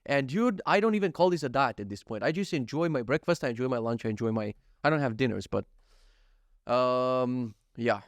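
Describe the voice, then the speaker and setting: A man's voice: medium pitch, fairly quick, dry recording, clean studio sound. A man in his thirties casually telling a story about his day, swearing freely and acting out his own thoughts and what others said. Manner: animated, profane, acts out his own thoughts and quotes. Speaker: vlogger.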